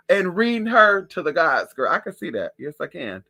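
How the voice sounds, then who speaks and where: A man talking in a sassy, profane, animated way in a casual gossip monologue at home. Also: on the high side, normal speed, slightly rough. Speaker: vlogger.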